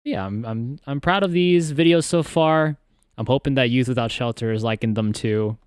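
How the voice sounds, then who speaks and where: A man's voice: mid-range voice, normal speed, smooth, no room sound, studio quality. A man hosting a casual live stream, rambling and laughing often as he talks. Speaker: streamer and charity host.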